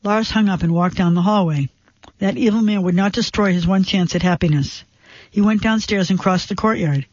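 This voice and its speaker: A man with a high voice narrates a dark suspense story in measured, tense tones. The recording is dry and a little dull, with no room sound at all. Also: dry recording.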